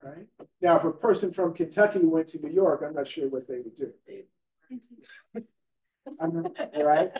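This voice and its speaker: A man with a high voice teaches a live training class, talking casually and checking in with the room. The sound is roomy and echoey. He is picked up from some distance away. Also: big pitch swings, normal speed, long pauses, mellow. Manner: conversational, asks the room questions, repeats "right?". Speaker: real estate trainer.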